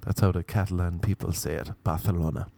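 A man's voice: medium pitch, steady tone, normal speed, dark tone, voice pushed up, natural voice. A man with an Irish accent putting on his old schoolteacher, a fussy, insistent woman correcting pronunciation.

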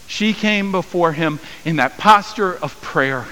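A man preaching a sermon as a pastor, acting out the voices of the people in his story with rising pitch and volume. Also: expressive, slow, hardly any pauses, bright, forceful tone. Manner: acts out quoted voices with raised pitch and volume. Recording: long hall reverb with faint hiss.

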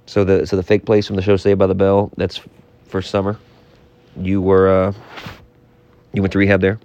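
A man co-hosting a comedy podcast, halting and exasperated as he tries to keep the talk on track. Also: low voice, monotone, darkish tone, highs cut off.

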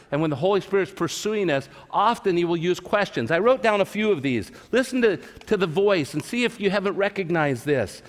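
This is a Californian man preaching at a church service, earnestly repeating phrases and asking his listeners questions. His voice runs on the high side with a fairly bright tone, echoing in long hall reverb.

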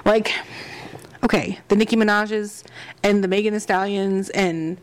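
A young woman co-hosts a podcast in loose, casual chat at an ordinary mid-range pitch. She is blunt and jokey, swears freely, and keeps up a running stream of gossip with her co-host. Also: fairly even intonation, measured pace.

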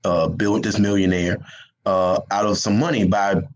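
A man's voice: deep voice, flat delivery, normal speed, rough recording. A man with a Southern US accent, a guest writer telling a rambling story on a casual interview, laughing often and restarting his sentences.

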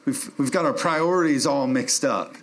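A man's voice: medium pitch, normal speed, fairly bright tone. Man, pastor, sermon, emphatic preaching, humorous asides, church.

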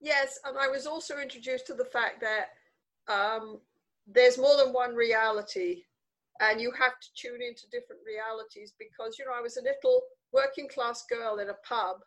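Older Englishwoman, interview guest, slightly high voice, emphatic and repetitive for effect. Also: normal speed, low-quality recording. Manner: animated, emphatic, repeats words for stress. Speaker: guest author. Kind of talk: conversational interview storytelling.

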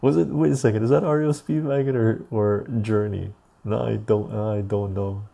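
Reading viewer-submitted song lyrics on a gentle ASMR live stream, a man speaks slowly and quietly in a lowish voice with fairly even intonation. At times his voice grows rough and breaks.

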